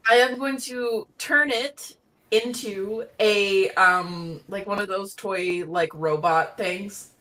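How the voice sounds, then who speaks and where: A woman's voice: mid-range voice, slow, a bit bright. A woman playing in a tabletop game, eager and chatty. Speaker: player. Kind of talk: casual tabletop play.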